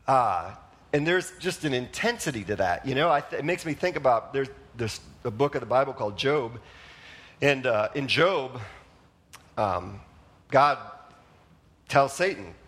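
A man's voice: medium pitch, animated, unhurried, pauses often, a bit bright. A male pastor preaching a sermon in a conversational manner, asking the congregation questions and often using fillers like "like" and "you know.".

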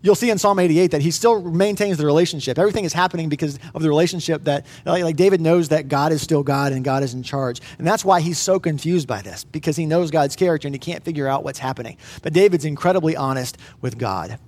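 A man's voice: a little high, fast, hardly any pauses, a little mellow. Pastor in his thirties, male, conversational sermon delivery, earnest, with some restarts.

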